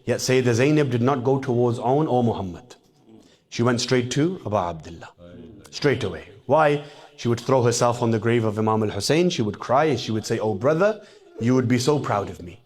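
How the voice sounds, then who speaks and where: A man preaching a sermon, retelling stories and rising to impassioned, high-pitched calls when he quotes. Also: a little fast, darkish tone. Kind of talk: sermon with dramatic storytelling.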